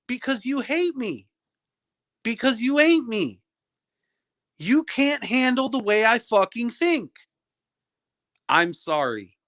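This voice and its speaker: A man's voice: very high-pitched, sharp tone, no echo, clean studio sound. A young man on a livestream, ranting at a viewer in his chat, profane, combative and taunting.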